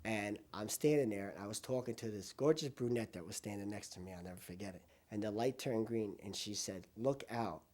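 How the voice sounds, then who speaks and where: Low, dark-voiced older New man. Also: a little fast, hardly any pauses. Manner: emotional storytelling, swings between loud and hushed. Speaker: interviewee. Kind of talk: documentary interview, recounting his past.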